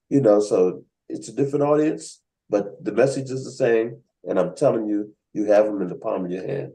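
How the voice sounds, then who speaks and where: A man's voice: lowish voice, fairly quick, vocal fry, hardly any pauses, low-quality recording. A man hosting a writers' workshop on a video call, telling stories and acting out the people he quotes. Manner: animated storyteller acting out quoted voices. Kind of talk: casual storytelling on a video call.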